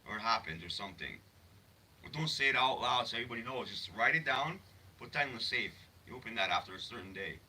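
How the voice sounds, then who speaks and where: A man chats loosely on a phone livestream, rambling and swearing as he reads and replies to comments. His voice is very bright and sharp, with a faint noise underneath. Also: medium pitch, expressive, fast talker. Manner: rambling, swears freely, reads and answers chat. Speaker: livestream host. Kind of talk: casual livestream chat.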